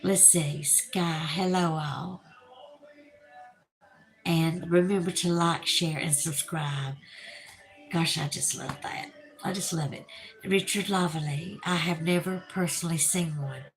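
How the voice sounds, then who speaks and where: Slow-talking Southern woman livestreamer. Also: lowish voice, steady tone, soft background music, low-quality recording. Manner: chatty, laughs often, reads viewer comments aloud. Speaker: livestream host. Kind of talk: casual livestream chat reading comments.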